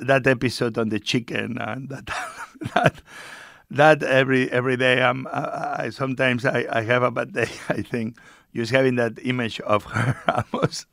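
Laughing Spanish-accented man, gravelly. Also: fairly low pitch, a bit bright, no room sound, clean studio sound. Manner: laughing often, repeating words as he searches for English. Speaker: chef guest. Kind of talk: casual interview chat.

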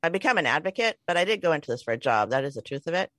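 Low-ish woman's voice, forties, chatty and self-deprecating, laughs a lot, dry close sound. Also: big pitch swings, rapid-fire, a bit bright, no room sound. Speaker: podcast co-host. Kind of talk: casual storytelling chat. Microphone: remote call mic.

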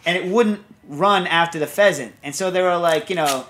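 Speaking at a moderate pace in a high-sitting, fairly bright voice, this podcast host keeps things loose and chatty. He rambles through stories and takes listener questions, with slight hiss or hum on the recording.

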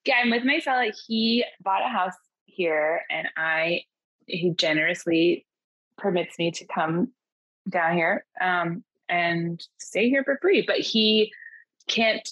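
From a house in New Orleans, a woman with a lowish, slightly bright voice co-hosts a podcast, speaking slowly in casual comedic chat with wry humor and frequent laughter. The recording is dry, with the highs cut off.

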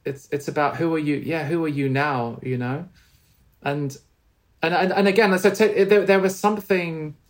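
A middle-aged man, a spiritual teacher, tells a personal story in an interview, earnest and tender, often restarting and repeating his words. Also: a little high.

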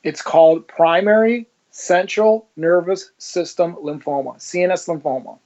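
A man's voice: sits high, unhurried, highs cut off. A man, a former police officer, being interviewed and telling his story in a conversational way, acting out the dialogue. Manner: animated, acts out dialogue in his stories.

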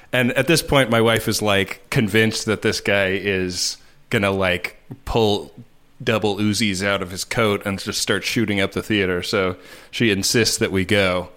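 A man's voice: lowish voice, fairly even intonation, moderate pace, a bit bright. A man co-hosting a podcast, telling a story in casual chat with lots of fillers and laughter. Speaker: podcast co-host.

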